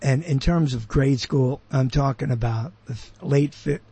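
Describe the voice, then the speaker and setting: A man's voice: medium pitch, moderate pace, mellow, husky, dry recording. An older man, hosting his own show with a rambling solo monologue, wandering off topic and correcting himself as he goes. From Brooklyn, New York. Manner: digressive, questions and corrects himself. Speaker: host.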